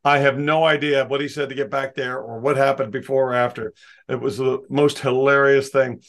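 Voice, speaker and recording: A man, a magician, telling lively anecdotes as an interview guest. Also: medium pitch. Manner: lively, doing quick voices for others. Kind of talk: anecdotal storytelling.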